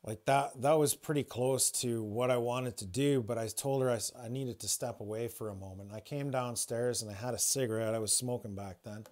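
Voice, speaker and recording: A man's voice: mid-range voice, steady tone, brisk, few pauses, darkish tone. Rambling man telling a personal story. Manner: rambling, swears freely, frequent restarts. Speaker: spiritual livestreamer. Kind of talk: casual livestream storytelling.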